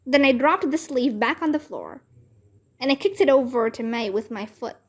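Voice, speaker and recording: A woman narrating a children's chapter book aloud in a clear storytelling manner. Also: high-pitched, moderate pace.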